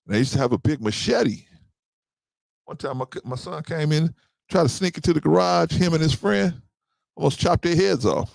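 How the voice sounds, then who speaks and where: Man, about fifty, gravelly voice, lively pitch, casual podcast talk, keeps asking "right?". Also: normal speed, no echo. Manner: conversational, repeats himself, often asks "right?". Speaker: podcast host.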